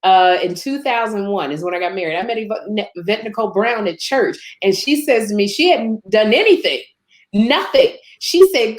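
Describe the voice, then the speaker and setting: A woman from Chicago, a guest telling lively stories in casual chat, laughing and acting out quotes. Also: normal speed. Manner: animated, laughs often, acts out quotes in higher voice. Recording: roomy echo.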